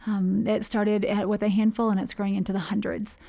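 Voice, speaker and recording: A woman's voice: mid-range voice, little pitch movement, brisk, vocal fry, warm tone. A woman, founder of a charity, telling her story in a casual interview, chatty and rambling with fillers and restarts. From United States.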